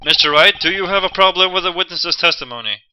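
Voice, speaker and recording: A man voicing a stern elderly male judge who calls for order loudly, in an amateur game reading. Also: high voice, lively intonation, fast talker, dull audio, a little hiss or hum. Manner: loud, gavel-banging authority.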